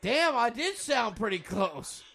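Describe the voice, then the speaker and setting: A man's voice: very high voice, big pitch swings, takes it slowly, gravelly, a bit bright. A young man hosting a podcast, chatting casually and swearing loosely while he watches a basketball game. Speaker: podcast host.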